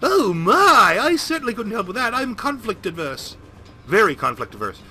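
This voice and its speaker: A prissy, easily flustered mother with a high, piping voice, as a man puts her on for a game playthrough. She talks in a bright, thin tone, her words clipped and proper. Her indignation and her gushing both come out in that same pinched register. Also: sing-song, normal speed, slight background noise, heavily acted. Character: prim fussy middle-aged mother, knitting on a train.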